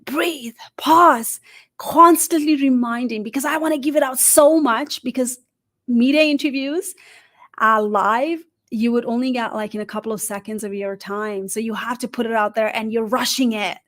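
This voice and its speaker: A middle-aged woman who is not a native English speaker gives job interview advice on a live stream, lively, asking the audience questions and often adding "right?". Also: on the high side, moderate pace. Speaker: career coach.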